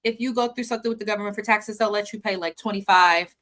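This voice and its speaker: A woman's voice: medium pitch, fairly even intonation, quick pace, a bit bright. A woman co-hosting a casual gossip show about reality TV, sassy and emphatic in her delivery. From California. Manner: sassy, dramatic mock prayer, emphatic. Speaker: co-host.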